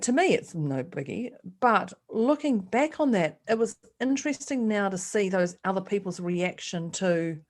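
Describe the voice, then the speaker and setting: A woman's voice: mid-range voice, moderate pace, few pauses. A woman co-hosting a podcast in casual chat, telling stories and acting out the voices she quotes. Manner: animated storyteller, acts out quoted voices. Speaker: podcast co-host.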